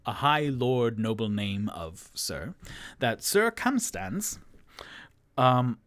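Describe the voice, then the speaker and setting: A man's voice: mid-range voice, sing-song, slow, fairly bright tone, dry recording. A man narrating and running a tabletop roleplaying game on his own, chatty and self-deprecating with lots of fillers. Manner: chatty, many fillers, laughs at himself. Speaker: dungeon master and solo player.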